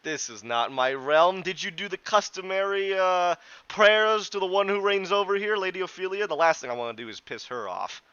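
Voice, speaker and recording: A man voicing a booming, pompous male god who speaks in grand, old-fashioned phrases. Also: expressive, normal speed, pushed and bright, smooth, no echo. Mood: wary. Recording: dull lo-fi, dry.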